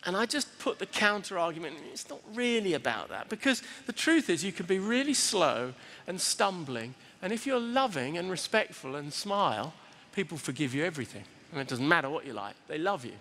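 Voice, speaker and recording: Man, lively seminar speaker, high voice, bright tone, echoing hall. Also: a little fast, a little hiss or hum. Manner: animated, acts out quoted voices. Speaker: retail speaker. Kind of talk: lively seminar talk to an audience.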